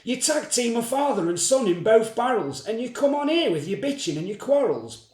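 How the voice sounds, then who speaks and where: A man voicing a pompous, bullying male daytime talk show host who lectures and shouts at his guests with self-righteous anger, in an echoey room. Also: very high-pitched, animated, measured pace, voice pushed up. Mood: shouting scorn. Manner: preachy, self-righteous outbursts.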